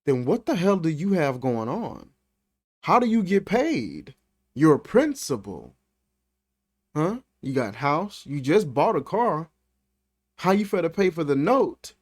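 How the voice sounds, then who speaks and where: Animated man reviewing a movie. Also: a little high, a little slow. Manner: animated, incredulous, slangy. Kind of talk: casual film commentary.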